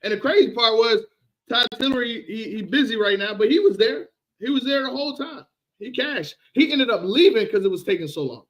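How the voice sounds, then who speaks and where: A man ranting on a casual livestream, animated and repetitive, often laughing. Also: extremely high pitch, brisk, highs cut off.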